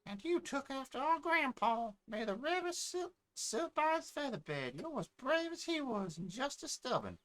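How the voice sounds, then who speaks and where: A man's voice: extremely high pitch, sing-song, normal speed, hardly any pauses, bright, forceful tone, voice pushed up, full character voice, rough recording. A man voicing a proud, chatty young village woman who is the brother's sister.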